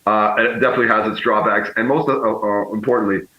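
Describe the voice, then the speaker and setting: A man speaking as a political strategist guest, measured and often correcting himself mid-sentence. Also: on the low side, steady tone, pushed and bright. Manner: measured, frequently self-correcting. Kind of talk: remote guest commentary. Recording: echoey, muffled remote feed.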